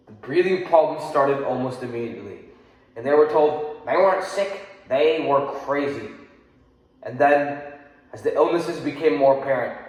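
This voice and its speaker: A man giving a dramatic, impassioned recitation of a speech, angry and emphatic, with pointed pauses. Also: a little high, lively intonation. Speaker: oral interpretation student. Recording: echoey hall with long reverb.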